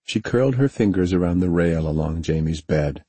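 Male audiobook narrator, very deep, mellow and husky, dry studio sound. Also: brisk, hardly any pauses, dry recording. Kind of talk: scripted narration.

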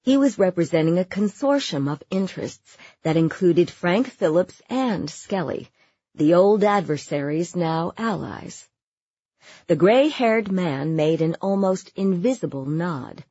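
A woman narrates a true story at a slow, measured pace. Her voice is a little husky, mid-pitched, recorded dry with slightly dull sound. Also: expressive, warm tone, no room sound. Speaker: audiobook narrator. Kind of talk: scripted narration.

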